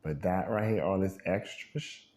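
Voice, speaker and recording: A man vents in a casual, rambling monologue, frustrated and animated, acting out the voices of people he quotes and laughing often. His voice is low-pitched at a moderate pace.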